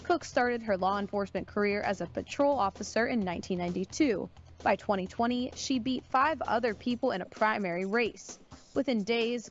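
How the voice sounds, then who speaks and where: A woman reporter reading a scripted news bulletin in a crisp, even newsreader delivery. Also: fairly high pitch, lo-fi sound.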